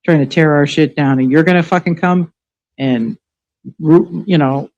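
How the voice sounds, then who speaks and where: A woman hosts a live online show and rants in anger, swearing freely and firing off sarcastic rhetorical questions. Her voice is dark and mellow even at its most heated. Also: low-pitched, muffled recording. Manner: angry, profane, sarcastic. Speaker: livestream show host. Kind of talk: ranting live commentary.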